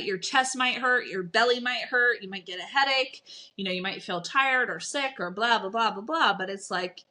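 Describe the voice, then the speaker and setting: A woman life coach hosts her own podcast, speaking candidly and reflectively to her listeners. Her voice is bright and a little tense, in a middle pitch. She drops casual swear words and keeps checking in with a quick "right?". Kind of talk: candid solo podcast monologue.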